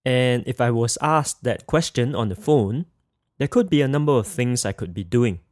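A man's voice: medium pitch, lively intonation, normal speed, dry recording, studio quality. A man teaching a language lesson in a careful scripted manner, saying each example phrase twice for practice.

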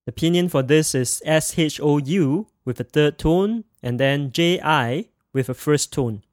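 A man teaching a pronunciation lesson, spelling sounds out and having the listener repeat each word after him with slow, careful enunciation. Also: fairly high pitch, dry recording, studio quality. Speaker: language teacher.

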